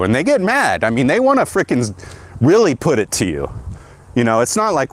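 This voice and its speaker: A man's voice: medium pitch, big pitch swings, moderate pace. Agitated man ranting, ending lines with "right?". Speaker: podcast host. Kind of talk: ranting monologue.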